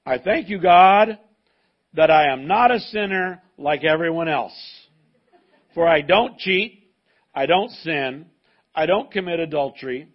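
A preacher reads a self-righteous Pharisee, a proud man listing his own virtues with loud, boastful satisfaction. The voice is husky and sits a little high. The recording sounds dull and muffled. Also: lively intonation, unhurried.

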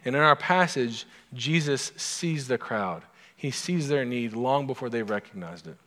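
Male pastor, mid-pitched, chatty storytelling sermon with asides, big reverberant sanctuary. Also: lively intonation, measured pace, pushed and bright. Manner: conversational, self-interrupting storyteller with asides to the congregation. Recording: long hall reverb.

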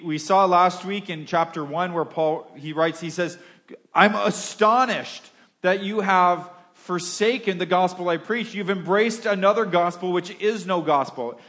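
A man preaching a sermon as a pastor, talking to his congregation in a conversational way, with frequent restarts and phrases that trail off quieter. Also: on the high side.

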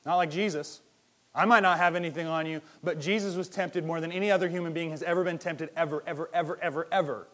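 Man, pastor, sermon, fairly high voice, conversational, rhetorical questions, swings from loud to hushed. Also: fairly even intonation, quick pace.

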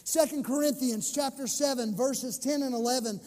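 A male pastor preaching an impassioned sermon to his church, stretching key phrases slowly for emphasis. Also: extremely high pitch, mellow, long reverb tail.

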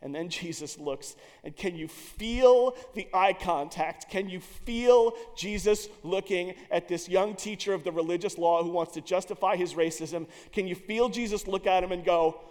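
Brief: a man preaching with a high voice, dramatic and dynamic, long hall reverb. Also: moderate pace, few pauses. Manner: dramatic storytelling, swings between loud and hushed. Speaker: pastor. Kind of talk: sermon.

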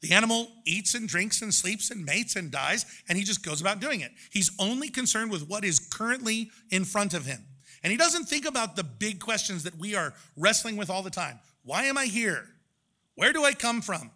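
A man preaching a sermon in a relaxed, conversational way, often turning to the listeners directly. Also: sits high, fairly quick. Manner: conversational, addresses listeners as guys.

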